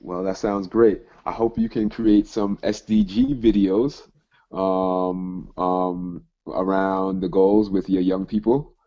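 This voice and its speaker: Deep-voiced man hosting a call. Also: flat delivery, warm tone. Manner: halting, with frequent fillers and restarts. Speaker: host. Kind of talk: conference call interview. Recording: muffled call audio.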